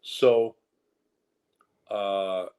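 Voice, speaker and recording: Low-voiced man telling rambling stories. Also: very slow. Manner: animated storyteller who slips into quoted voices; rambling with restarts and asides. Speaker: actor and guest. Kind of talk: candid career interview.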